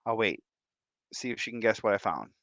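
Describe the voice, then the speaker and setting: A man from Michigan hosting a livestream, giving goofy, playful shout-outs to his viewers. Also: lowish voice, sing-song, gravelly, dry recording. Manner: playful and goofy, drawn-out silly repetitions. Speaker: livestream host.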